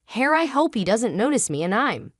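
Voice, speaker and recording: A woman telling a first-person family drama story in an emotional way, sometimes halting and repeating herself. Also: a little high, very animated, dry recording, studio quality. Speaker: narrator.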